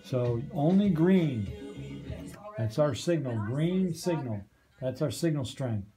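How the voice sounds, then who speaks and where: A man's voice: on the high side, animated, takes it slowly, music in the background. A man training volunteers on a community radio studio's soundboard, patiently checking understanding as he goes. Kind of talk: hands-on training walkthrough.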